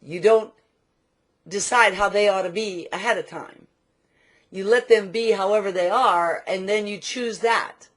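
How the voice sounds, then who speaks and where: An older woman delivers a motivational training talk, mixing lessons with stories from her own life. Her pitch sits in a middle range, and she stretches key phrases to drive them home. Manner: emphatic, slows down to stress key points. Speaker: business trainer.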